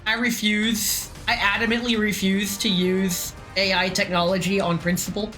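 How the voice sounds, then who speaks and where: A woman's voice: mid-range voice, little pitch movement, moderate pace, fairly bright tone, soft background music, poor audio. A woman live-streaming a game, chatting in a joking, profane, rambling way. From United States. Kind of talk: casual live-stream chat while playing a game.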